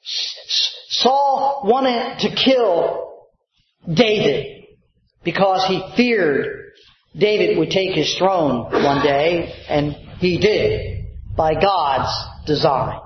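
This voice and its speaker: A man's voice: sits high, lively intonation, drawn-out words, reverberant, muffled recording. A man preaching a sermon as a pastor, stretching out key words and calling for amens. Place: church sanctuary.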